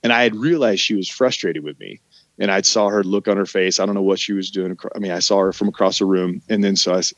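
A man's voice: low-pitched, fast talker, no room sound, lo-fi sound. A man casually telling stories from his past jobs, acting out the voices of people he quotes. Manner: animated storyteller who acts out quoted voices. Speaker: guest telling his life story. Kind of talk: casual podcast conversation.

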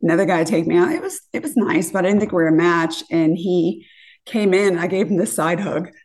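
Fifties woman telling a wild date story, animated, does all the voices. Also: a little fast. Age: 50s. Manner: animated, acts out quotes with lively pitch jumps. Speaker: podcast guest. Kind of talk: casual storytelling.

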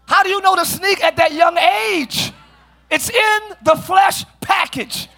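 A middle-aged male pastor with a very high, creaky voice preaches at a measured pace in a church sanctuary. The sermon features frequent shouting and playful asides aimed at the congregation.

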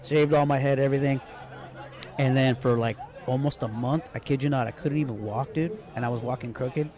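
Fast-talking, profane man telling stories. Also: medium pitch, fairly even intonation, a crowd in the background. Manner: rambling, profane storyteller with Spanish slang. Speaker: podcast co-host telling a story. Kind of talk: casual chat. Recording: muffled lo-fi sound.

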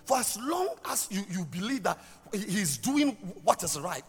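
Male pastor, lively high voice, stammers, emphatic sermon delivery; long church reverb. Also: moderate pace, hardly any pauses, slightly rough. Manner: emphatic, stammering, swings from loud to soft. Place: church hall. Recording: reverberant church hall with music.

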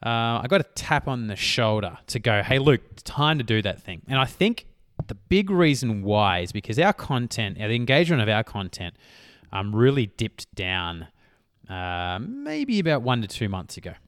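Man, thirties, podcast coach, rambling, self-correcting, animated pitch, dry. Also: moderate pace, dry recording. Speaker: business coach and podcast host. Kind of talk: solo podcast monologue.

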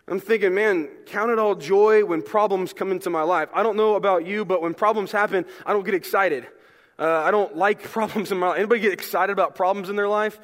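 A young male pastor preaching a sermon in a church, talking in a relaxed, joking way and asking the congregation questions. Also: high-pitched, moderate pace. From American South. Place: church sanctuary. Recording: long hall reverb.

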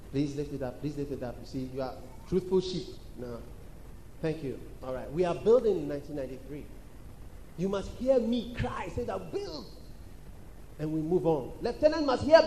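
A man preaching a sermon in a church hall, emphatic and repetitive, calling for responses and acting out shouted quotes. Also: a little high. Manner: acts out quoted voices and shouts. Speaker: pastor. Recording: echoey church hall with faint background noise.

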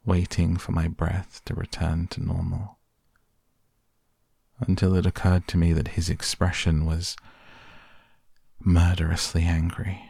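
A man narrating a story in a measured, even way, reading an audiobook. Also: deep voice, vocal fry, breathy edge, dry recording, studio quality.

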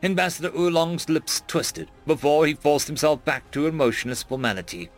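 A man's voice: on the high side, lively intonation, normal speed, gravelly, few pauses, dry recording, faint music behind. A man narrating a science fiction story in an audiobook style.

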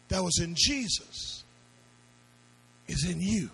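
A man preaching a sermon as pastor, firing off rhetorical questions and rising into shouted appeals. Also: high-pitched, animated, moderate pace, husky, low-quality recording.

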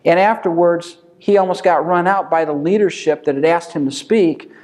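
A man's voice: fairly high pitch, moderate pace, darkish tone. A man leading an informal Bible study lesson, speaking conversationally and firing off rhetorical questions that he answers himself.

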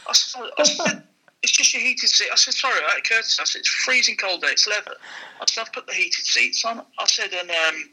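A man's voice: sits high, fairly quick, slightly rough, low-quality recording. A man, a used car dealer, telling a casual anecdote and acting out the people in it. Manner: lively, acts out the people in his stories.

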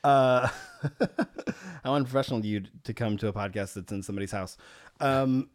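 A man's voice: medium pitch, normal speed. Mid-voiced man, easygoing host who laughs often. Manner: laughs easily, playful, animated. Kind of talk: casual chat. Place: room in a house.

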